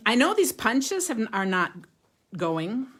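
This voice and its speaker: A woman's voice: fairly high pitch, big pitch swings, slow, a bit bright, breathy edge. A woman hosting a live craft stream, chatting casually with viewers, showing greeting cards, laughing often and reading comments aloud. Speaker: card-making livestream host.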